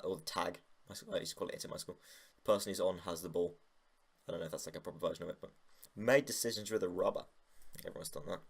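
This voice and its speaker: A man's voice: fairly low pitch, vocal fry. A young man making a casual vlog, rambling and joking with lots of swearing. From United Kingdom. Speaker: YouTuber.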